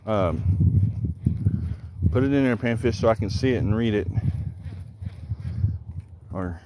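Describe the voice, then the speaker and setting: Chatty man with a low voice. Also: slow pace. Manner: chatty, joking with viewers. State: out of breath. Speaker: fishing streamer. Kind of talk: casual live-stream chat. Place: outdoors by the water. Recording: outdoor noise in the background.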